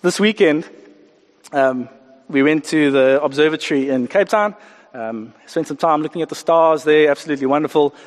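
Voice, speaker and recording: A middle-aged man preaching a sermon, animated and acting out the voices he quotes. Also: fairly high pitch, moderate pace. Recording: hall reverb.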